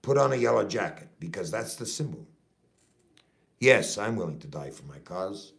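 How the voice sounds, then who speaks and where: A man's voice: fairly low pitch, big pitch swings, normal speed, gravelly. A middle-aged man from Canada, a trucker and activist, ranting to his viewers with heavy swearing and a repeated "okay?". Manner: profane, repetitive, keeps saying okay. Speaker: activist vlogger. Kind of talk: impassioned rant to camera.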